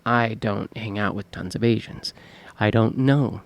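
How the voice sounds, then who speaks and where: Low gravelly-voiced man chatting. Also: fairly even intonation, unhurried, dull audio. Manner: easygoing, curious, reacts and asks questions. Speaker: podcast co-host. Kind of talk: casual chat.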